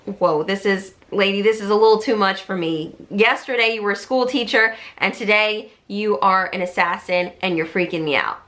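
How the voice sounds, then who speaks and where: A woman's voice: mid-range voice, moderate pace, hardly any pauses, fairly bright tone, close to an everyday voice. A woman voicing a nervous man who is rattled by his partner's sudden change. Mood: flustered. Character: nervous man, a reluctant sidekick.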